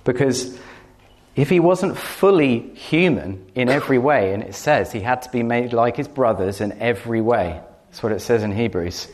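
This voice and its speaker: A man with a mid-range, slightly mellow voice preaches at a normal speed with lively intonation. He earnestly weaves in a personal story, doubles words for emphasis, and breaks into laughter in this teaching talk.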